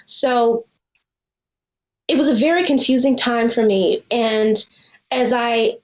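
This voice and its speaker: A woman's voice: fairly high pitch, slow pace, echoey room, poor audio. Earnest woman telling a personal story. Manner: earnest, reflective, acts out quoted dialogue. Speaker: guest filmmaker.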